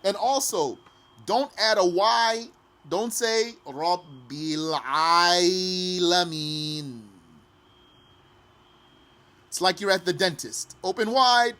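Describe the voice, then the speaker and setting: A man teaching pronunciation patiently, repeating each phrase slowly and sometimes chanting it. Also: high voice, a bit bright. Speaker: recitation teacher. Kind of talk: pronunciation lesson.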